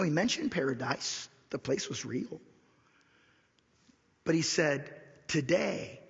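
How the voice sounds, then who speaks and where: A man preaching a sermon as pastor, repeating key lines slowly and dropping to a whisper for emphasis. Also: a little high, creaky, slightly rough. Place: church sanctuary. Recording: dull lo-fi recording in a reverberant church hall.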